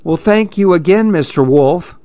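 A man voicing a cheerful, easily flustered female duck in a bright, excitable way. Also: sits high, a little slow, dull audio, pitched above the performer's own voice. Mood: excited.

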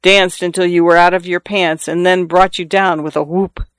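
A man reads a novel aloud in a measured, expressive manner. His voice is smooth and a little higher than most men's. It is recorded close in a dry studio. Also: no room sound. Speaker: narrator. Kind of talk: audiobook narration.

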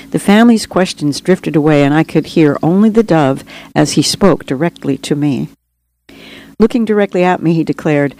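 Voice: medium pitch, darkish tone, rough recording. Earnest, reflective memoir narrator. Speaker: author reading own memoir.

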